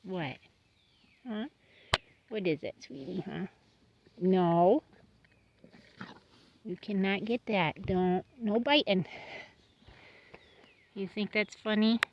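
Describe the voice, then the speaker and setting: A woman's voice: mid-range voice, slow, long pauses, highs cut off, slight background noise. A woman farmer chatting casually while tending her horses outdoors, cooing at them in baby talk and scolding them now and then. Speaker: homestead farmer. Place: outdoors at a farm.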